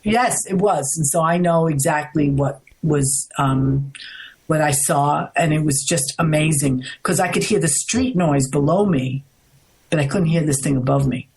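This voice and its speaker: Animated middle-aged woman telling a story. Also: deep voice, a little slow, creaky, slightly rough, rough recording. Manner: animated, rambling with restarts. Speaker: interview guest. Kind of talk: casual storytelling.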